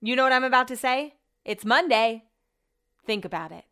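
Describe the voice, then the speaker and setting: A woman's voice: mid-range voice, brisk, clean tone. Chatty young woman vlogging. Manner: animated, swears casually, frequent "like". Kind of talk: casual chatty storytelling. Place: home.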